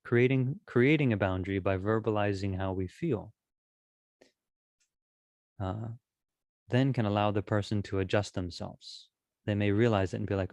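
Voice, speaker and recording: A man with a lowish voice gives a calm, gentle teaching on communication. He talks steadily and often restarts his phrases. The sound is dry and close. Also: normal speed, long pauses, dry recording. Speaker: dharma teacher. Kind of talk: talk on Buddhist practice.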